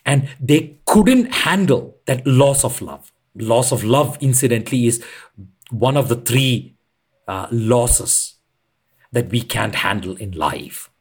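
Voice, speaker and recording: A man who leads retreats, speaking as a podcast guest in an earnest, reflective way and pausing to stress his points. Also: medium pitch, expressive, a little mellow, breathy edge. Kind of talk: reflective conversational explanation.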